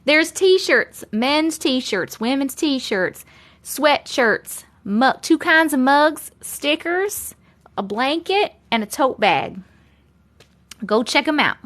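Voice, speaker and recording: A woman's voice: high voice, expressive, takes it slowly, fairly bright tone. A woman from Long Island hosting a casual live stream from home, chatting with viewers, thanking them by name and laughing often. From Long Island, USA. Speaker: live-stream host reading chat.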